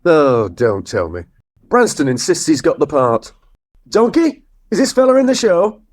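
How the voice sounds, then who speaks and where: Brusque bossy nativity director. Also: male voice, fairly high pitch, sing-song, unhurried, no room sound, studio quality. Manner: brusque, dismissive. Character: bossy middle-aged man directing a village nativity. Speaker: show director. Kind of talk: comedy radio sitcom acting.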